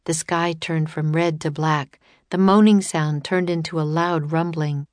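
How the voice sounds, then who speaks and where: Low-voiced woman reading a children's story. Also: steady tone, a little slow, dry recording. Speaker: audiobook narrator. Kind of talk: scripted storybook narration.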